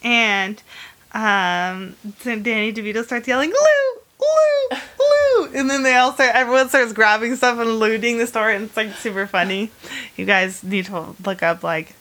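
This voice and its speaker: Bright-voiced woman rambling through a story. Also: mid-range voice, normal speed. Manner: rambling, chatty storytelling full of "like" fillers; animated retelling of history with bursts of humor. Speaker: host. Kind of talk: casual chat.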